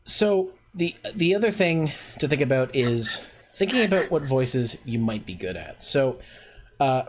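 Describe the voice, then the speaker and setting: A man's voice: medium pitch, slight background noise. Rambling man teaching casually. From Canada. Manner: loose and rambling, heavy on fillers like "like" and "um". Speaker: voice acting workshop host.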